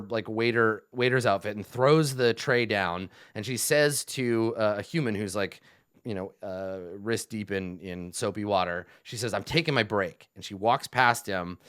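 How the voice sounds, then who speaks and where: A man's voice: fairly low pitch, fairly bright tone, smooth, dry recording, clean studio sound. A man running a tabletop game as game master, setting cinematic scenes with lots of fillers and restarts.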